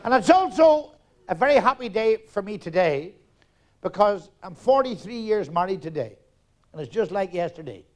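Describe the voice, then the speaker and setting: A man's voice: high voice, lively intonation, some chatter behind. A man in his sixties with a Northern Irish accent, doing live stand-up on a theatre stage and rattling off jokes while acting out the voices in them. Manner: rapid joke-telling, acting out characters in dialogue. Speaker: stand-up comedian.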